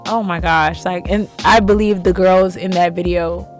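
Soft-spoken woman co-hosting a chat. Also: fairly low pitch, fairly even intonation, moderate pace, soft background music. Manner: supportive, lots of soft agreeing. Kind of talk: casual chat.

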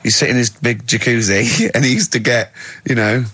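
Meet a man from England hosting a radio chat show. He has a husky, slightly breathy voice and a middling pitch. He teases his co-hosts and laughs his way through long, silly made-up stories. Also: normal speed, bright, forceful tone. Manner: teasing, laughing, launches into rambling comic scenarios. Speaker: radio host. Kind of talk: casual radio banter. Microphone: studio microphone.

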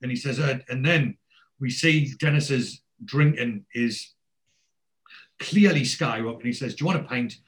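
In a low-quality recording, a man with a mid-range voice and moderate pace retells a TV episode during casual chat. He's an animated storyteller who swears freely and acts out the characters' lines.

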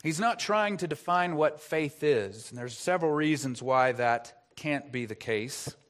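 A man's voice: on the high side, expressive, a little slow, a bit bright. A man preaching an expository sermon as pastor, earnest, asking rhetorical questions and stressing key words.

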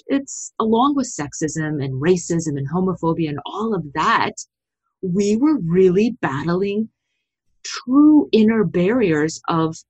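Middle-aged woman, professor guest, husky low voice, animated storyteller. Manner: animated storytelling, pitch leaps when quoting. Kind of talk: podcast interview.

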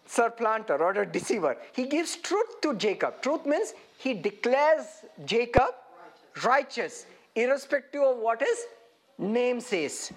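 A man preaching an interactive sermon, animated and putting questions straight to his listeners. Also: very high-pitched, unhurried.

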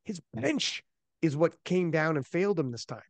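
A podcast host with a high, bright, creaky voice speaks at normal speed in loose, animated casual chat. He spins stories full of swearing, and the sound is dry and close with no room sound.

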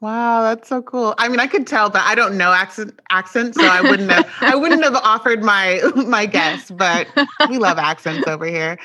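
A woman's voice: medium pitch, normal speed, pushed and bright. A woman co-hosting a podcast interview, talking in a bubbly, effusive way with lots of "like" fillers. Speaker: podcast co-host.

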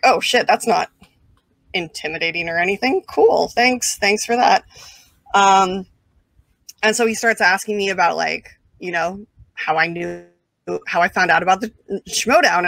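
A woman of mid pitch spins a casual anecdote as an interview guest, animated and peppered with filler words and quick asides. The recording is dry and close, with no room sound around her. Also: no room sound. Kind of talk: casual storytelling.

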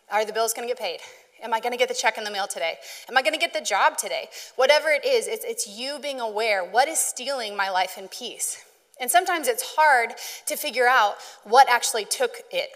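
A woman's voice: fairly high pitch, a bit bright, long reverb tail. A woman preaching a sermon in a conversational, storytelling way, asking the audience questions.

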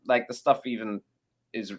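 A man's voice: on the low side, fairly even intonation, moderate pace. A man, a game developer guest, chatting casually and rambling, with many fillers and restarts. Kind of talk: casual chat.

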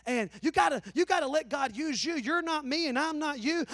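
A man with an Appalachian accent preaching a sermon in a folksy, joking way, swinging between loud preaching and low asides. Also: a little fast, few pauses. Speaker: pastor.

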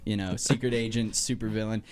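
A young man co-hosting a casual comedy podcast, animated and laughing often as he drops into silly voices mid-story. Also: lowish voice, brisk, clear, resonant tone. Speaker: podcast co-host.

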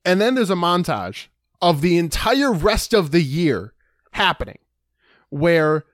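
A man co-hosting a podcast in casual chat, telling a story with animated, exaggerated dismay. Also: fairly high pitch, a little slow, no echo, studio quality. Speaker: podcast co-host.

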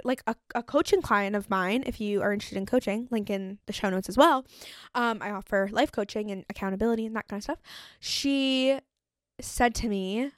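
A woman's voice: fairly high pitch, a bit bright, dry recording, clean studio sound. Chatty young woman hosting a podcast. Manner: chatty, lots of "like" fillers, acts out her own inner voice. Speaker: podcast host. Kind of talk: casual solo podcast monologue.

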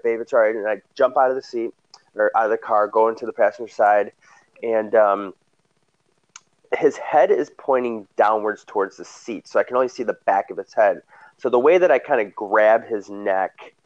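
A man with a fairly low voice tells a story in a casual, animated way. He acts out what others said with sudden loud, high bursts. The recording sounds dull and lo-fi. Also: normal speed. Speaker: guest telling a story.

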